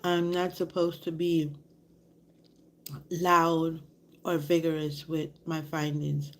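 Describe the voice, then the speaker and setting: A woman's voice: sits low, monotone, slow. A woman vlogger telling a story in a candid, rambling way, often dropping to a whisper. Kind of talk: casual storytelling to camera.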